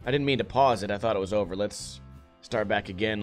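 A man's voice: on the low side, a little fast, soft background music. A man hosting a review show, giving casual, blunt and sarcastic critique with some swearing. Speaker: skate video reviewer host. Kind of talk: casual commentary.

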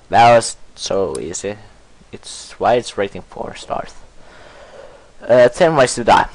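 Goofy, excitable young male gamer. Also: mid-range voice, a little slow, creaky, soft background music, rough recording. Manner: goofy and excitable, breaks into silly singing and swearing. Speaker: gameplay commentator. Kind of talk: casual let's play commentary.

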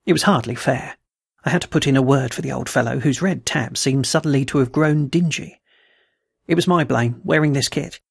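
A man hosting a podcast, reading adventure and dark stories aloud in a measured, steady way. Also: mid-range voice, creaky, husky, no room sound, studio quality. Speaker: podcast story reader.

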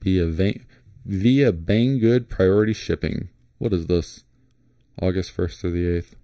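A man vlogging about flashlights, thinking aloud in a relaxed, rambling way with many fillers and restarts. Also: low voice, unhurried, no echo, studio quality. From Florida. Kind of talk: casual screen-share commentary.

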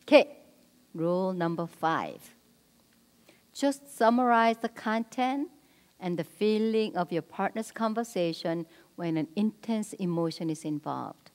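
A woman leading a marriage seminar at a church, speaking directly and prompting the audience with quick cues. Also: lowish voice, lively intonation, a little mellow. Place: church hall. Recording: long hall reverb.

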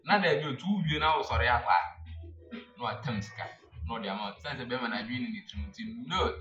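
A man with a Ghanaian accent giving comic advice as a video host, excitable, with bursts of loud exclamation. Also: medium pitch, fast talker, distant mic, dull audio. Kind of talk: animated comic advice monologue. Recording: roomy echo, off-mic, music behind.

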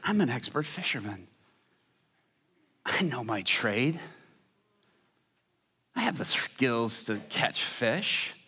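A man voicing a gruff, weary fisherman with sarcastic, exaggerated storytelling. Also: medium pitch, big pitch swings, slow, long pauses, bright, forceful tone, in a large hall, pitched below the performer's own voice, exaggerated voice. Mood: humbled. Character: gruff weary fisherman, skeptical then astonished.

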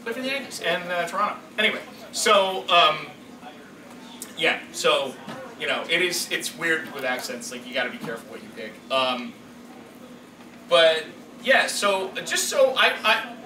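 A man who directs and performs voices, telling stories at a convention panel in a rambling, animated way. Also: on the high side, normal speed. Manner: animated, rambling storytelling with frequent fillers. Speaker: voice director and voice actor. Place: convention hall. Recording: echoey hall from far off, noisy.

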